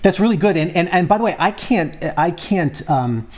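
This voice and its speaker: A man in a casual discussion, talking haltingly with many restarts and fillers. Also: high voice, expressive, darkish tone.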